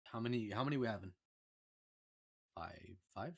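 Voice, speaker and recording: Male player, lowish husky voice, stammers, jokes around. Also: lively intonation, moderate pace. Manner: stammering, joking. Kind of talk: casual tabletop play.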